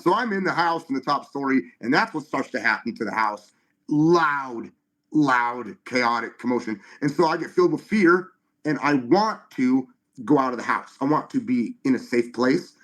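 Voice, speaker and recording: A middle-aged man giving a spoken testimony in casual conversation, animated and halting, with many restarts and fillers. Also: medium pitch. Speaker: guest.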